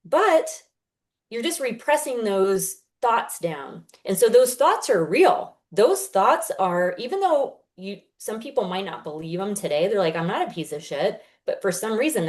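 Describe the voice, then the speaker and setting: Earnest woman explaining healing. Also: fairly low pitch. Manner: earnest, explanatory, acts out inner voices. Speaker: guest healer. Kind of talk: casual podcast interview.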